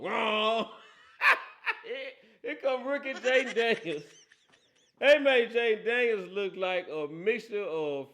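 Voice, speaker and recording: A man's voice: high-pitched, bright, forceful tone. A man hosting a casual football talk show, teasing and laughing often, with a habit of asking "right?". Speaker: host.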